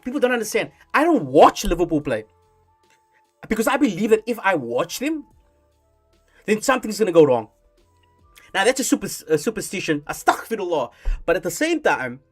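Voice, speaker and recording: Young man, casual stream host, rambling and animated, light music bed. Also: sits high. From South Africa. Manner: rambling, animated, with many restarts and fillers. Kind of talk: casual live-stream chat. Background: faint lo-fi music.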